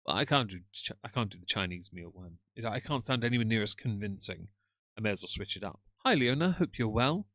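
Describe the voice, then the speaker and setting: A man's voice: fairly low pitch, lively intonation, a little fast, fairly bright tone, no room sound. A middle-aged man from England, live streaming and reading chat comments in a dry, teasing, sardonic way.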